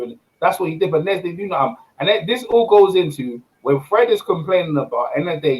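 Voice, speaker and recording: High-voiced man ranting about boxing. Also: a little fast, hardly any pauses, poor audio. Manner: animated, repetitive ranting. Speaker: host. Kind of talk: casual boxing debate.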